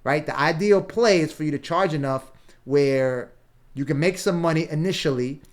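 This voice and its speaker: A man acting as a business coach, walking through examples on screen in a casual, punchy way, thinking aloud as he browses and dropping frequent "right?" and "boom". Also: normal speed. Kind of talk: screen-share walkthrough.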